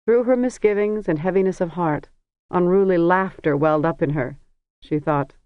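A measured audiobook narrator, dry sound. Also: medium pitch, no echo. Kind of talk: scripted narration. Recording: dry, dull lo-fi recording.

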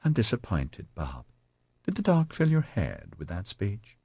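A man's voice: on the low side, wildly swooping pitch, measured pace, gravelly, mellow, breathy edge, no room sound, heavily acted. A man voicing a sly, mocking female soldier with a teasing, sing-song manner.

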